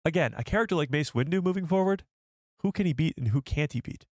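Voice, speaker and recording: A man's voice: fairly high pitch, expressive, fast, a little mellow, no echo, studio quality. A man casually hosting a live stream, chatty and rambling, often correcting himself mid-sentence. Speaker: host of a live show.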